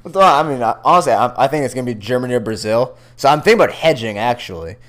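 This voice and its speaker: A young man co-hosts a sports podcast from a computer call, joking freely and swearing as he talks. His voice is smooth and clear, with a medium pitch. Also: animated, quick pace, fairly bright tone. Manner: loose, swearing, joking banter. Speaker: podcast co-host. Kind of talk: casual sports chat.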